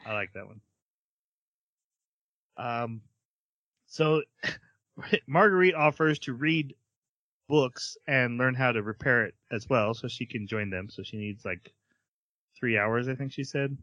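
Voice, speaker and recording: A man co-hosting a casual podcast, recapping an anime episode with lively retellings and acted-out character lines. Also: mid-range voice, slow, pauses often, no echo, highs cut off. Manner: animated retelling, acting out characters' lines, laughs often. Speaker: podcast co-host reviewing anime.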